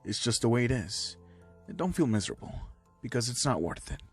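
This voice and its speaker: A man voicing a calm adult male doctor who asks measured questions. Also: mid-range voice, breathy edge, soft background music.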